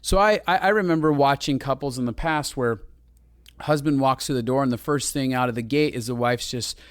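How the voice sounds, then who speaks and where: An earnest, reflective man talks casually with his wife on a relationship podcast, now and then acting out quoted lines. His voice sits at a middle pitch, recorded close and dry. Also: fairly quick, no echo. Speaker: podcast co-host.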